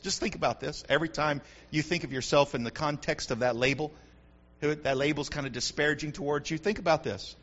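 A male pastor delivering an animated sermon, repeating phrases for emphasis and building up to shouts. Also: a little high, muffled recording.

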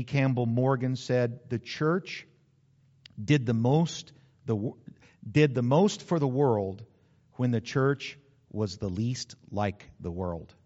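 Man preaching a sermon, earnest and deliberate. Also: mid-range voice, a little mellow. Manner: earnest preaching, slowing down for emphasis. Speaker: pastor. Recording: slightly dull lo-fi sound.

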